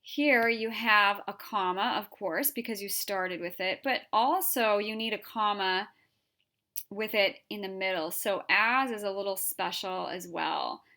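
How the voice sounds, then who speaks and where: A woman's voice: mid-range voice, unhurried, pushed and bright. A woman teaching an English grammar lesson, explaining patiently and reading example sentences aloud.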